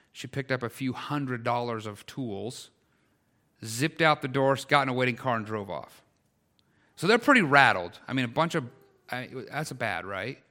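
Medium in pitch and sharp in tone, this middle-aged pastor's voice carries a conversational sermon that steadily intensifies. He draws on everyday stories and presses emphatic questions.

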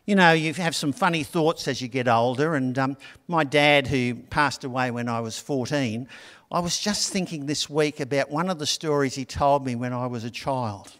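Middle-aged pastor preaching in a reverberant church. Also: male voice, medium pitch, moderate pace, a bit bright. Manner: conversational, storytelling with asides. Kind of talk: sermon.

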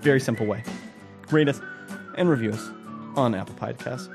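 A man's voice: medium pitch, moderate pace, gravelly, over music. Chatty rambling podcast host, man. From Scandinavian heritage. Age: 30s. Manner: chatty and rambling, many fillers, laughs easily. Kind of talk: casual podcast banter.

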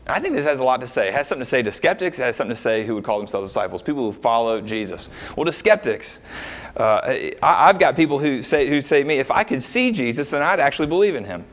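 Male pastor mid-sermon, lively up-and-down delivery, casual asides and rhetorical questions. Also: medium pitch, quick pace. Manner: animated, rhetorical questions, frequent uh fillers.

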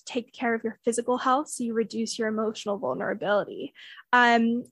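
Earnest woman, higher pitch, casual explainer with fillers, dry close recording. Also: no room sound. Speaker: guest sharing therapy experience.

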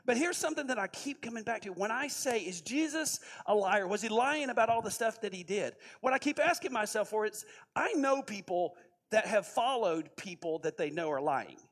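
A man preaches to a group. He talks casually and tells a long story, breaks off to ask his listeners questions, and keeps a relaxed storyteller's tone. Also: sits high, moderate pace. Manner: storytelling, conversational, asks the audience questions. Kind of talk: sermon.

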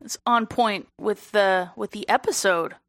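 A woman's voice: mid-range voice, measured pace, a bit bright, no room sound, studio quality. A woman guest in casual podcast chat who giggles often and hesitates as she talks.

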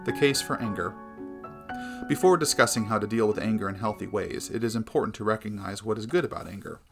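A man giving a measured, earnest scripted narration of a Christian devotional book. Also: on the low side, creaky, faint music behind.

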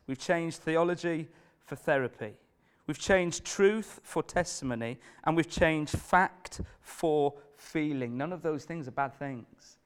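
A man preaching a sermon, earnest and emphatic, putting repeated questions to the congregation. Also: mid-range voice.

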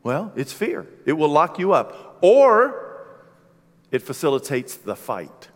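A man preaching a sermon, telling stories with lively energy and shouting out the lines he acts out. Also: a little high, slow pace. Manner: animated storytelling, shouting acted-out quotes. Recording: long hall reverb.

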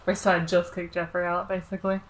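A woman's voice: fairly low pitch, flat delivery, fast talker. A woman playing in a tabletop game, speaking casually in and out of character. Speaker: player. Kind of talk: tabletop role-play chat.

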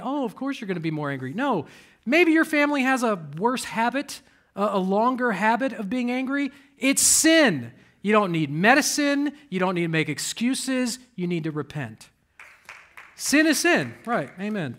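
A fairly high-voiced man preaches to his church in a conversational sermon. He talks straight to the congregation, punching key words and throwing out questions for them to answer. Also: pushed and bright. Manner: emphatic, direct, addresses the congregation with rhetorical questions. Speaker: pastor.

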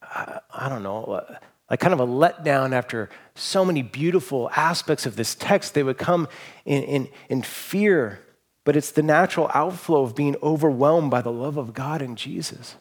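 A man delivers a heartfelt sermon from the pulpit. His voice sits at an ordinary middle pitch, and he talks earnestly, restarting phrases and letting his endings fall away quietly. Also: animated, moderate pace. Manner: earnest, emotional, with frequent restarts and soft trailing endings. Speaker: pastor.

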